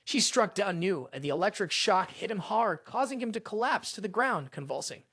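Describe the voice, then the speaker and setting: Lively recap narrator, dry close sound. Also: mid-range voice, dry recording. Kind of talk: scripted story narration.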